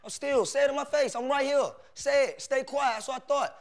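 Fast-talking young man taunting. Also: extremely high pitch, steady tone, vocal fry. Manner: aggressive, taunting, repetitive slang. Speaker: reality show housemate. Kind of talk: heated confrontation.

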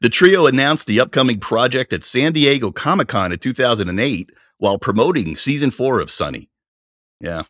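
A man hosting a casual podcast, his voice bright and lively as it swings up and down. He talks in an animated way, laughs easily and now and then reads aloud from notes. The sound is dry and close. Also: mid-range voice, moderate pace, no echo. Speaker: podcast co-host. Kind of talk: casual chat.

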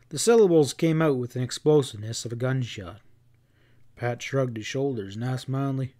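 A man narrating a western novel aloud in a steady storytelling read. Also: mid-range voice, normal speed. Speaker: audiobook narrator.

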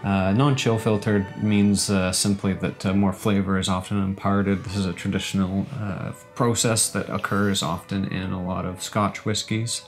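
A man co-hosting a comedic whisky review, talking in a mock-formal, deadpan pseudo-expert way. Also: deep voice, moderate pace, hardly any pauses, faint music behind. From Canada. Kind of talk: mock-pompous banter.

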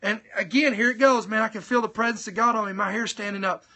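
A man preaching in a live-streamed sermon, telling his testimony in an animated way, speaking directly to his viewers and repeating points for emphasis. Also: sits high, quick pace. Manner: animated storytelling, talks straight to viewers.

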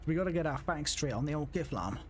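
Man, higher-pitched, excitable and rambling in gaming chat, faint noise behind. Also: quick pace. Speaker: roleplay streamer.

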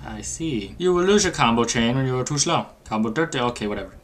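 A man doing let's play game commentary, reading instructions aloud with sarcastic asides and breaking into panicky yelps and rapid exclamations. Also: mid-range voice, animated, slight background noise. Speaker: gaming channel host. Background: game music.

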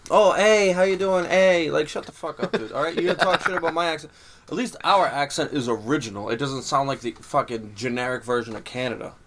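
A man's voice: medium pitch, fast talker, sharp tone, slight background noise. A man with a Boston accent, a podcast guest ranting in brash, profane banter. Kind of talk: casual chat.

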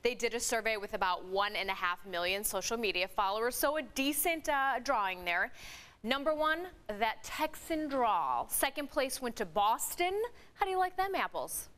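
A woman's voice: fairly high pitch, animated, normal speed, a bit bright, smooth. A woman from Chicago with a Chicago accent, co-hosting a news show in chatty, joking banter. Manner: chatty, joking, reads out tweets. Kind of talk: casual on-air banter.

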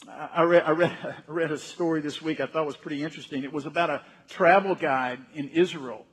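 A man's voice: on the high side, a little fast, husky. A man preaching a sermon as senior pastor, emphatic and repeating words to drive his points home. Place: church sanctuary. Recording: reverberant church hall.

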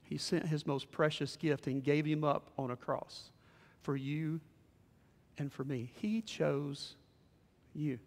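A man preaching a sermon as pastor, shifting from hushed lines to loud, excited ones. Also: fairly high pitch, takes it slowly, pauses often. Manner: animated, swings from hushed to shouting. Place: church sanctuary. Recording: long hall reverb.

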